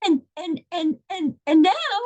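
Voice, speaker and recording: A woman voicing an anguished young father who pleads with God in the night, his voice strained and breaking into high, desperate cries. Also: very animated, unhurried, a little mellow, exaggerated voice, poor audio.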